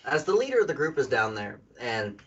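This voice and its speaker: Husky young man, distant and rambling. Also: medium pitch, very animated, brisk, fairly bright tone. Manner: rambling, stop-start. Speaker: player. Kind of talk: casual tabletop game chat. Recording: distant, dull lo-fi stream audio.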